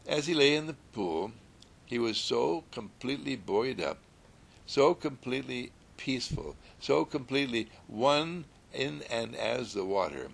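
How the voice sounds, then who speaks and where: A man telling a story in a gentle, soothing sermon style, repeating calm affirmations. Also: medium pitch, creaky.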